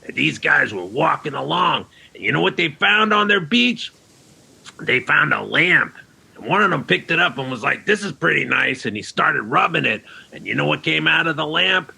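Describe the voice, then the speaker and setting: Playing the children's program character Frank, a lonely, upbeat castaway marooned on an island, the performer gives a skit monologue for kids' ministry, addressing the children chummily as "yous." The heavily acted voice runs on the high side, rough, gravelly and bright, with big pitch swings at a moderate pace.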